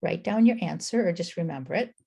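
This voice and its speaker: Low gravelly-voiced woman teaching reading. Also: expressive, dark tone. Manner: sounds out words slowly, segmenting phonemes; encouraging, affirms with "I agree" and "excellent". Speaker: reading tutor. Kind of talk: instructional explanation.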